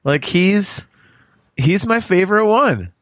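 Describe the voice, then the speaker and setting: Podcast guy chatting, fairly high voice that jumps all over, keeps tripping on his words. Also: slow, no room sound, studio quality. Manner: animated, stammering restarts, laughs often. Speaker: podcast co-host. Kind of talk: casual chat.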